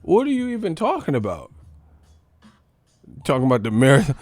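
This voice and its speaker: A man's voice: fairly high pitch, huge pitch swings, moderate pace, pauses often, darkish tone, no room sound. A man hosting a boxing channel, ranting casually on a live stream in a profane, mocking, rambling way.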